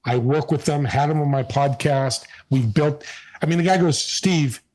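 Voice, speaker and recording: A man's voice: a little high, moderate pace, a little mellow, poor audio. A man being interviewed, telling stories with emphatic energy. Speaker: podcast host and guest. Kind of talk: casual interview storytelling.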